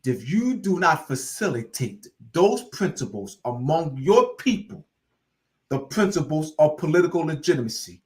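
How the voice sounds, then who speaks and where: A man lectures with mounting fervor, hammering the same phrases over and over. His voice sits high for a man, and he slips into casual dialect as he preaches. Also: very animated, normal speed. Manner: preachy and repetitive, building in fervor; informal, drops into dialect. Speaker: host. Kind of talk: impassioned lecture.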